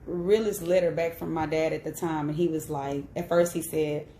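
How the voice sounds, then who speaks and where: A woman's voice: low-pitched, steady tone, moderate pace, warm tone, reverberant, a little hiss or hum. A woman in her thirties sharing a personal story on a live stream, candid and emphatic, often checking in with "right?". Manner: candid and emphatic, with frequent "right?" tag questions. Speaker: host.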